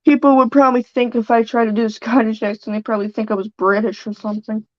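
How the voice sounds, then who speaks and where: A woman's voice: a little high, little pitch movement, fast, dry recording. A woman chatting casually while watching a show, talking freely and laughing between remarks. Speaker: co-viewer. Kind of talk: casual reaction chat. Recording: dry, dull lo-fi audio.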